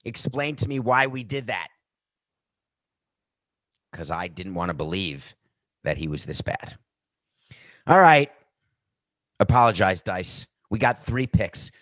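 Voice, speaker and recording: A man hosting a podcast, giving sports betting picks with jokey asides and animated delivery. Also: sits low, no echo. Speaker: podcast host.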